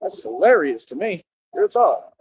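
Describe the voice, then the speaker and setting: A man giving a rambling, boastful livestream monologue outdoors near a highway, scolding his viewers and repeating himself. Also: sing-song, measured pace, lo-fi sound, slight background noise. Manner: talks straight to his viewers, scolding them.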